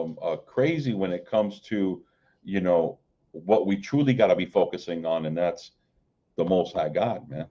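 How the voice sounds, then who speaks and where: A man gives an informal sermon over a livestream, peppering his talk with "man" and "right?" and stretching out scripture as he reads. His voice sits mellow and dark, and he takes his time. The stream audio sounds dull and lo-fi. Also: sits low. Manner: repeats "man" and "right?", stammers and restarts, slow KJV reading. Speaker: livestream preacher. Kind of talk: informal street-style sermon.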